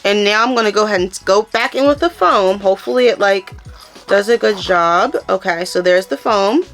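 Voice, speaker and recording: A woman's voice: medium pitch, moderate pace, fairly bright tone, soft background music. A young woman with a Philadelphia accent giving a casual step-by-step hair tutorial, chatting to viewers as y'all. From Philadelphia, USA.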